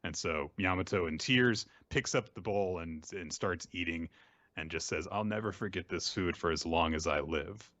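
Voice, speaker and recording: A deep-voiced man hosts a casual manga recap, bright and forceful in tone. His recording is dry and a little muffled. He acts out snippets of the characters' dialogue as he retells each scene. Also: moderate pace, dry recording. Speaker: podcast host.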